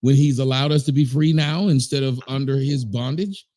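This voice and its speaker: A man's voice: medium pitch, normal speed, warm tone, no echo, studio quality. A man in a debate discussion, speaking emphatically and asking pointed questions. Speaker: debate participant.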